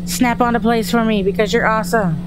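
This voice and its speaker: A woman's voice: on the high side, fairly even intonation, brisk, heavy background noise. Jumpy woman narrating a horror game. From Texas. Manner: chatty, thinks aloud, jumpy and easily startled. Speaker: gaming streamer. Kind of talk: horror game let's-play commentary.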